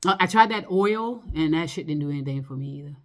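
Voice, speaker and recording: A woman's voice: deep voice, expressive, fast talker. A woman talking in a loose, rambling monologue, full of fillers, restarts and swearing. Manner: rambling, loose and profane, lots of fillers and laughs.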